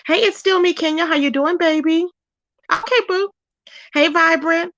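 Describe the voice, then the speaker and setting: A woman's voice: very high-pitched, normal speed, fairly bright tone, no room sound, lo-fi sound. A woman hosting a casual livestream, greeting viewers by name and recapping online drama in a chatty way, repeating lines for emphasis. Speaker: livestream commentary host.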